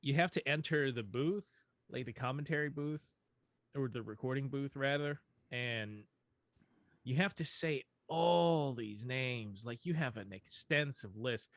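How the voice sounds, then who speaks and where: Young male podcast co-host, animated, casual, swears now and then, mid-pitched, close and dry. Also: a little slow, no echo. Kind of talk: casual chat.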